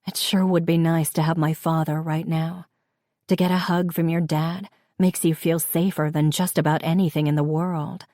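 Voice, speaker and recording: Low-voiced woman narrating a novel. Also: level tone, normal speed, mellow, no echo, clean studio sound. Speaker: audiobook narrator. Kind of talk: first-person scripted narration.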